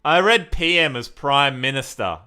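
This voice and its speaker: A man's voice: mid-range voice, expressive, normal speed, pushed and bright, smooth. A man giving chatty live-stream commentary as he talks to his chat and often laughs. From Australia.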